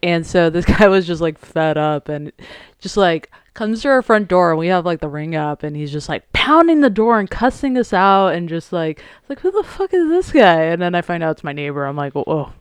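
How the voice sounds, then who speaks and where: A man's voice: a little high, moderate pace, clear, resonant tone, no echo, studio quality. A man chatting casually on a podcast, talking loosely with many "like"s and acting out what people said. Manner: relaxed, lots of "like", acts out quotes. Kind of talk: casual chat.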